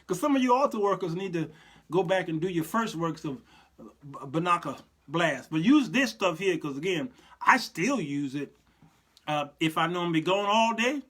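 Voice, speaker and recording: A man hosts his show in a loose, preacherly monologue. His voice sits a little high, and his delivery is folksy, full of asides and easy laughter. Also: animated, moderate pace, a bit bright. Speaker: show host. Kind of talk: casual live-show monologue.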